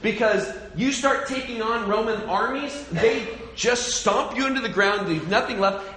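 Forceful, bright-voiced male preacher. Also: very high-pitched, normal speed. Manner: animated storytelling with rhetorical questions. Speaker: pastor. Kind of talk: sermon.

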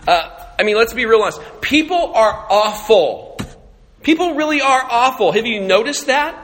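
A man with a high voice preaches in a casual, storytelling way, talking to his congregation like he is chatting with friends. The sound rings out through a big room with long reverb. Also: lively intonation, moderate pace, a bit bright, slight background noise. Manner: conversational storytelling. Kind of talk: sermon. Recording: echoey hall with long reverb.

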